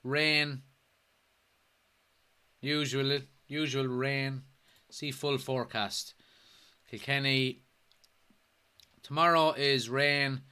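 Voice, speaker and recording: A man's voice: mid-range voice, steady tone, very slow, long pauses, pushed and bright, smooth. An Irish man hosting a casual football watchalong livestream, joking, swearing and reading viewer comments aloud. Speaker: host.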